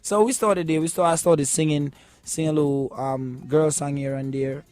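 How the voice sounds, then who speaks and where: Jamaican male musician guest, relaxed storyteller, light-pitched. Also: normal speed, no room sound, faint music behind. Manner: laid-back storytelling, keeps asking "you know what I'm saying". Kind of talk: casual interview talk.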